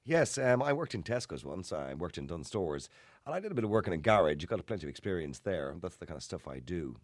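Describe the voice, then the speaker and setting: A man voicing a polite, well-spoken male job candidate with a measured, tidy delivery. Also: sits low, very animated, no echo, studio quality.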